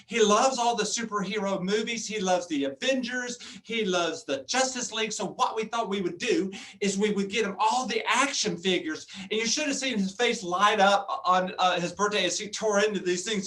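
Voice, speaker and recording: Bright, high-voiced motivational speaker in his fifties. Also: normal speed. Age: 50s. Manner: energetic, jokey, laughs often. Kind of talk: motivational talk over video call. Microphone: video call.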